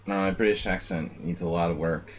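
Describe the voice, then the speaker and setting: A man's voice: low voice, fairly even intonation, a little fast, slight background noise. A man live-streaming blitz chess, chatting casually with viewers and rambling jokingly between moves. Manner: rambling, joking, talks to chat.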